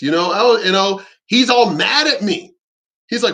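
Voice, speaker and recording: A man holds forth in an indignant vlog rant, his voice pitched high and ringing with a sharp, bright edge. He hammers his points, swears freely, and keeps circling back and restarting his sentences. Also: expressive, a little fast. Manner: emphatic, indignant, frequently swearing; repeats himself and restarts sentences. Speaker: vlogger. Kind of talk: ranting monologue to camera.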